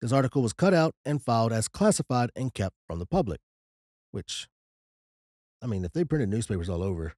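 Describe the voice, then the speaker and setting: A man co-hosting a podcast, chatting in a relaxed way and reading documents aloud. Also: medium pitch, brisk, no room sound, clean studio sound. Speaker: podcast co-host. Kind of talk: casual chat.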